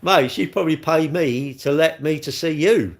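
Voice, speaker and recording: A man's voice: on the high side, moderate pace. A middle-aged man rambling cheekily on a live stream, answering chat comments as he goes. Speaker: livestream host.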